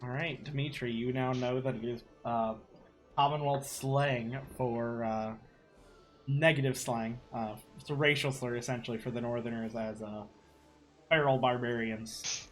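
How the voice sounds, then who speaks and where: A man's voice: mid-range voice, fairly even intonation, a little slow. A man running an online tabletop game as game master, explaining the setting at length and asking players for dice rolls. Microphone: computer mic on an online call.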